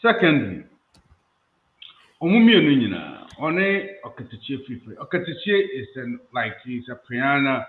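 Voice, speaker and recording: A man's voice: medium pitch, very animated, measured pace, echoey room, phone-quality sound. A Ghanaian man arguing his opinions in casual talk show discussion, citing Bible stories. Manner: opinionated, argues with Bible examples.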